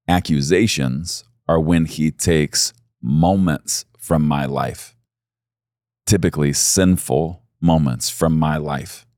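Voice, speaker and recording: A man's voice: very deep voice, darkish tone, dry recording, clean studio sound. A middle-aged male pastor preaching a sermon in an earnest, intimate way that swells to emphatic peaks.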